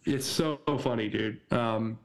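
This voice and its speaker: A man co-hosting a podcast, telling stories in a relaxed casual chat, laughing often and swearing freely. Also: fairly low pitch, slow. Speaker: podcast co-host. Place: Argentina.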